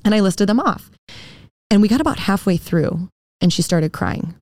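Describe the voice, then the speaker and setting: A woman's voice: mid-range voice, expressive, normal speed, darkish tone, dry recording, studio quality. A woman guest on a dental podcast, chatting casually and acting out the people in her stories. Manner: storytelling, acts out quoted dialogue.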